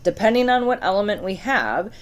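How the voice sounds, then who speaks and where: A woman's voice: mid-range voice, very animated, a little fast. A woman teaching a science lesson, talking casually and putting questions straight to her students. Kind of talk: recorded classroom lesson.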